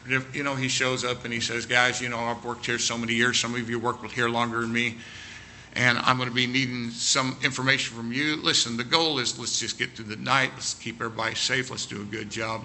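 A man telling an animated story with quoted dialogue during a sermon. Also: mid-range voice, slight background noise.

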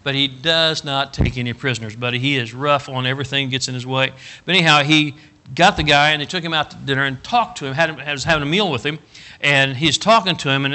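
A middle-aged man preaching a storytelling sermon, folksy and animated, rising to loud emphatic bursts. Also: medium pitch, fast. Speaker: pastor.

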